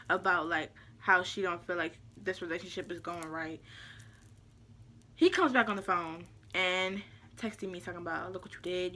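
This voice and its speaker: A young woman vlogger tells a story casually, full of slang and animation, and often bursts into laughter. Her voice is on the low side.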